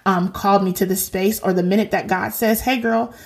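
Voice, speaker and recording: A woman's voice: mid-range voice, little pitch movement, a little fast. A woman in her thirties hosting a faith podcast, talking casually, earnest and exhorting, with slangy asides.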